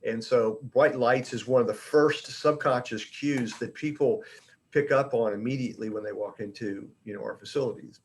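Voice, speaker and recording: A middle-aged man with a mid-range voice presenting to his industry colleagues. He talks loosely and conversationally, often pausing on fillers and restarting his sentences. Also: medium pitch. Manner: addresses colleagues directly. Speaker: industry education director giving a talk. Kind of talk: informal presentation.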